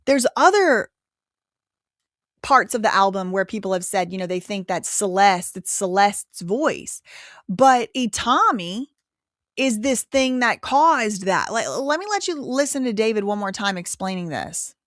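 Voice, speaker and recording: A woman's voice: medium pitch, very animated, measured pace, fairly bright tone, no echo. Woman running a live show, rambly chatty commentary, dry close sound. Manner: rambling, repeats herself, quotes others. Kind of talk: casual commentary.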